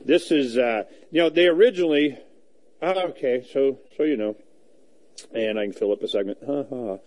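A man's voice: medium pitch, normal speed, a little mellow. A man hosting a talk show from the road, telling rambling stories full of fillers and restarts. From United States. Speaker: radio talk show host. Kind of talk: casual talk show monologue. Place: on the road, traveling.

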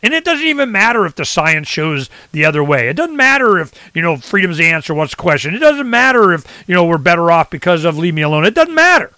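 A man talking in a casual rant, rambling and animated, often acting out what others say. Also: high-pitched, fast, hardly any pauses, smooth, dry recording. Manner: rambling, animated, swings into quoted voices. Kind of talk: casual ranting chat.

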